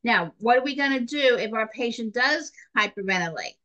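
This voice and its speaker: Middle-aged woman, nursing instructor, lively storytelling lecture to students. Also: fairly high pitch, moderate pace, lo-fi sound. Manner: chatty and animated, addresses students directly. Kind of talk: recorded classroom lecture.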